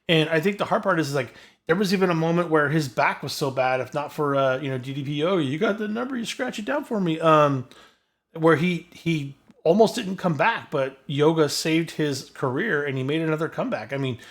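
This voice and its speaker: A man's voice: fairly high pitch, normal speed. A man co-hosting a podcast in casual chat, talking in an earnest, chatty way. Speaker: podcast co-host.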